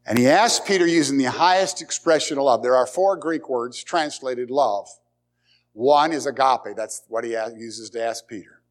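A man's voice: medium pitch, moderate pace. A man preaching a sermon as pastor, emphatic, repeating key words and asking the congregation rhetorical questions.

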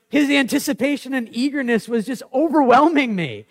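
Man, high voice, pastor, lively conversational sermon, personal anecdotes. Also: brisk, few pauses. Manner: animated, conversational preaching with personal stories.

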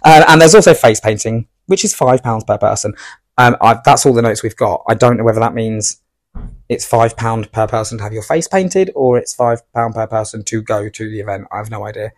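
A man's voice: fairly low pitch, brisk. A man, hosting a local podcast in jokey, rambling casual chat at a studio mic. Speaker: podcast host. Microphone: studio microphone.

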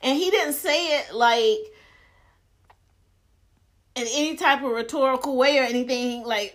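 A woman's voice: high voice, unhurried, pauses often, a bit bright. A woman co-hosting a podcast, telling a story in blunt, profane casual chat. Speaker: podcast co-host.

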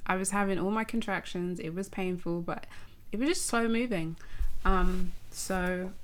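A woman telling a personal story in a chatty, animated way, laughing often. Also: lowish voice, normal speed. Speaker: podcast guest. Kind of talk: casual storytelling.

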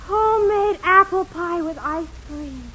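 A woman's voice: extremely high pitch, unhurried, sharp tone, exaggerated voice. Betty, a gushing teenage girl. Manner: gushing, talks over others. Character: chatty, dreamy teenage girl. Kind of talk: 1940s radio acting. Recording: dull old radio broadcast with faint hiss.

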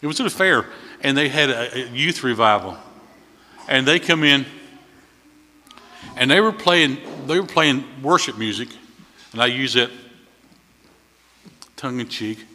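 Preacher guy, bright forceful voice, folksy stories, echoey church hall. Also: medium pitch, expressive, a little slow, pauses often. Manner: folksy storytelling preacher, swells louder at key points. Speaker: visiting preacher. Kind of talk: sermon. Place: church sanctuary. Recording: long hall reverb.

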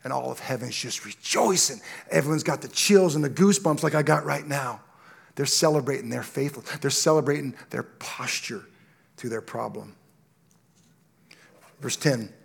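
Gravelly-voiced man preaching with rising passion. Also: medium pitch, moderate pace. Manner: storytelling, rises to loud impassioned preaching. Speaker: pastor. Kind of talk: sermon.

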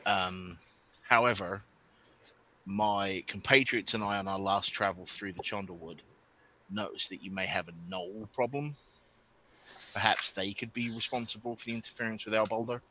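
A man's voice: on the low side, steady tone, normal speed, sharp tone, slight background noise, poor audio. A man voicing a polite male adventurer who speaks in courteous, formal phrasing.

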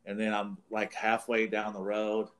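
A man's voice: on the low side, completely flat delivery, a little slow, fairly bright tone. A man casually telling a long, rambling story on a talk show, swearing freely and laughing as he goes. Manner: rambling, profane, laughs through his story. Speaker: podcast co-host.

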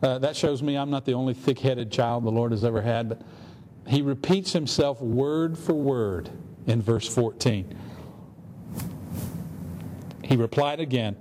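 A man's voice: mid-range voice, a little slow, long pauses, dark tone, slight background noise. A man pastor preaching a sermon, telling a story earnestly with rhetorical questions. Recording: long hall reverb, faint ambience.

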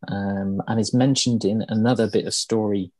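A podcast host talks through game lore in a relaxed, halting way, full of ums. His voice sits low. It is recorded close, with no room sound. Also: dry recording. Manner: rambling with many ums and uhs. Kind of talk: casual chat explaining game lore.

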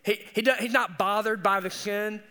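Bright-voiced man preaching a sermon. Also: high-pitched, fairly even intonation, normal speed. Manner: earnest, conversational preaching with casual asides. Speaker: teaching pastor.

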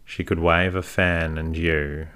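A man's voice: deep voice, level tone, takes it slowly, a bit bright, smooth. A man reading the part of a stern older woman who scolds a girl in folksy rural speech, withering and sniffing. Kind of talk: audiobook reading.

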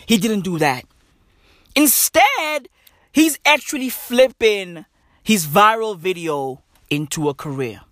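Slow, animated woman. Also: fairly high pitch, no echo, clean studio sound. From South Africa. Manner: profane, slangy, repeats "right?" and "bruv". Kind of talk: comedic rant.

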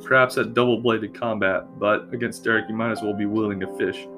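A man's voice: on the low side, steady tone, a little fast, over music, natural voice. A man voicing an earnest young male prince who speaks in formal phrasing.

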